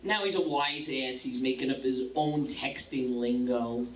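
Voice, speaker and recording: A woman's voice: very deep voice, unhurried, reverberant, background noise. Salty middle-aged lady comic, punchline after punchline, sounds a bit far off in a big room. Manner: brash, profane, punchline-driven. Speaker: stand-up comedian. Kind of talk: stand-up comedy set.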